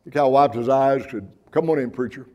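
A man's voice: mid-range voice, brisk, muffled recording. A man preaching a sermon, telling a story in a folksy, earnest way. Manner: folksy, earnest, repeats words when excited. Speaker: pastor.

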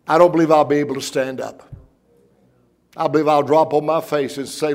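A man preaching a sermon, telling stories earnestly and with emotion, slowing down for emphasis. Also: a little high, steady tone.

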